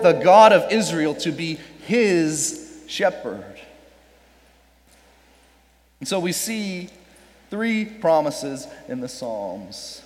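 A man preaching a conversational sermon, speaking casually and tossing out rhetorical questions to the congregation during a church service held on a farm. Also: a little high. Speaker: pastor. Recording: long reverb of a large space.

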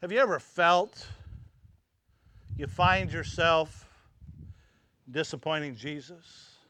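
A man preaching a sermon, acting out scenes dramatically and dropping to hushed tones at emotional moments. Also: fairly high pitch, slow pace, a little hiss or hum. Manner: dramatic, swings from loud exclamations to hushed near-whispers.

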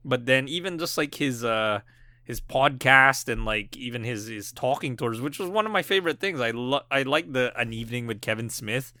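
A man's voice: medium pitch, expressive, normal speed, pushed and bright, dry recording, clean studio sound. A man co-hosting a film podcast in casual chat, rambling with many fillers and restarts and laughing often. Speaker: podcast co-host.

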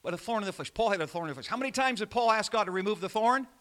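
Bright, animated preaching man. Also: sits high, very fast. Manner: animated preaching with call-and-response; swings between loud emphasis and quiet asides. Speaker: pastor. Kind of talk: sermon.

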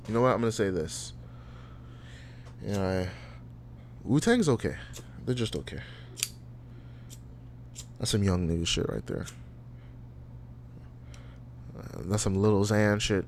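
Solo podcast host, young man, low voice, rambling profane rant. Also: expressive, normal speed, pauses often.

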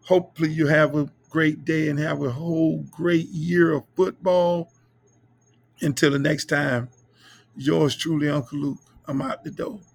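A middle-aged man hosting a podcast, telling profane stories in a loose, animated way. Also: on the high side, measured pace, creaky, slightly rough, dry recording. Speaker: podcast host. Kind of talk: casual storytelling monologue.

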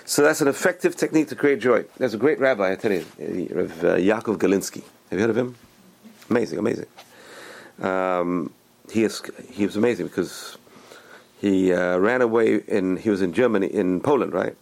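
A man's voice: on the low side, a little fast, creaky. A man giving a spoken religious talk as a teacher, enthusiastic and repeating words for emphasis.

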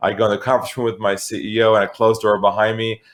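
A man's voice: lowish voice, fast talker. A middle-aged man from San Diego telling a story as an interview guest, acting out the voices of the people in it. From San Diego, California. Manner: animated storyteller, acts out voices. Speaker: guest, sales expert.

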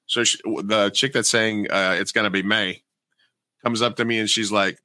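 Podcast co-host, male, bright and crisp, dry close sound, animated storyteller who curses a lot. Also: fairly low pitch, normal speed, no echo. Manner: animated storyteller, swears freely, acts out quoted people. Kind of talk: casual storytelling chat.

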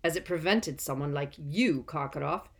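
A woman's voice: deep voice, moderate pace. A woman doing a growling, sardonic old man. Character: gruff, growling male old auror, sardonic.

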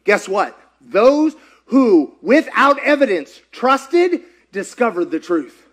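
A male pastor with a high voice that swings widely as he preaches. He talks in an animated, conversational way and keeps throwing questions out to his listeners. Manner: animated, conversational, quizzes the audience. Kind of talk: sermon.

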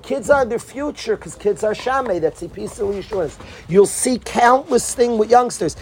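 A male rabbi giving an informal, animated talk full of stories and sprinkled with Yiddish and Hebrew terms. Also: sits high, moderate pace, a little hiss or hum. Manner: acts out conversations in quoted voices.

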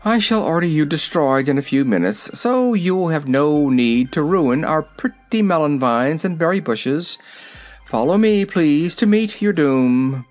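A man's voice: fairly high pitch, lively intonation, unhurried, darkish tone, soft background music. A man reading aloud, voicing a cold, haughty male vegetable prince in a formal, chilly way.

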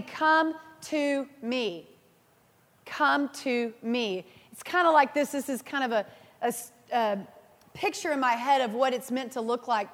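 High-voiced woman preaching in a hall. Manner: earnest, animated storyteller who laughs at herself. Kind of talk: sermon with personal storytelling. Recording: reverberant hall.

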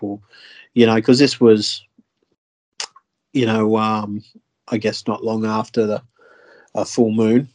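A podcast co-host with a mid-range male voice speaks in a steady, slightly mellow tone, a little slowly and with frequent pauses, on a dry recording. Tired and yawning, he rambles through a fishing story in casual chat, full of fillers and restarts.

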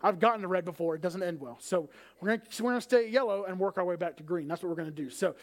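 A man in his thirties preaching a sermon as a pastor, telling family stories and acting out the dialogue in an animated way. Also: high voice, very fast.

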